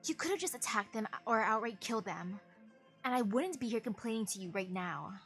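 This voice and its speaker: A woman's voice: a little high, expressive, a little fast, fairly bright tone, soft background music. A woman voicing a cold, accusing young woman investigator who speaks sternly while reading a game's story aloud. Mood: grim.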